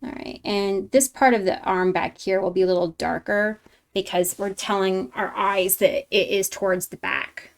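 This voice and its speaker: A woman's voice: mid-range voice, steady tone, moderate pace. A woman hosting a live-streamed painting tutorial, talking with her chat in a chatty, bubbly way and laughing often.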